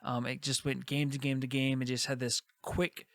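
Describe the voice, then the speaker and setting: A man's voice: medium pitch, flat delivery, normal speed, fairly bright tone, no room sound, clean studio sound. A man co-hosting a gaming podcast, giving wry, opinionated takes in casual chat. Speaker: podcast co-host.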